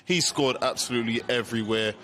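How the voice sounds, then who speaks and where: A man giving post-game basketball analysis, chatty and enthusiastic, getting excited over big plays. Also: medium pitch, quick pace, slight background noise. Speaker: basketball pundit.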